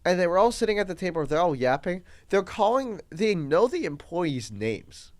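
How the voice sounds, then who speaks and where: A man's voice: sits high, moderate pace. A young man co-hosting a podcast, telling a story in casual chat, laughing often and acting out the people he quotes. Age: young adult. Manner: animated, laughs often, acts out quoted voices. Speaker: podcast co-host.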